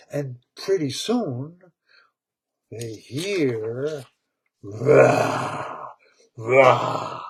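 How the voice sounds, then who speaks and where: A man retelling a story with excitement, repeating words, laughing and tripping over tongue twisters. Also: a little high.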